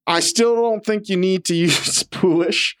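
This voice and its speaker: A man co-hosting a podcast in casual chat, ranting with animated, profane, comic exasperation. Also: sits high, unhurried, smooth. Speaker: podcast co-host.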